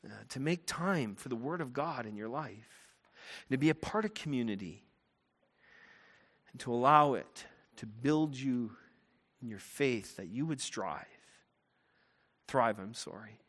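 A man preaching a sermon as a pastor, earnest and emphatic, turning quiet and low in prayer. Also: measured pace, pauses often. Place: church sanctuary. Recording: long hall reverb.

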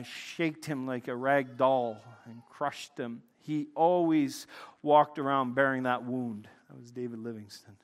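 A middle-aged man preaching a sermon, telling stories in an animated way that swings between loud excitement and hushed intensity. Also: medium pitch. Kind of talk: sermon with storytelling. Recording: long reverb of a large hall.

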